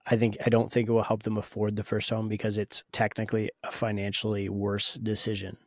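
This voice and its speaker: A man's voice: fairly low pitch, completely flat delivery, a little fast, no echo. Dry-voiced opinionated podcast co-host man. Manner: opinionated, thinks aloud with frequent restarts. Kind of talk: casual podcast discussion.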